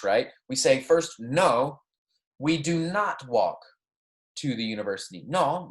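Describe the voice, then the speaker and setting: Man, Spanish teacher, lecture, slow spoken examples, checks in with students. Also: medium pitch. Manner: explains in English, models Spanish phrases slowly, often checks with "right?" and "okay". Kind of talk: recorded classroom lecture.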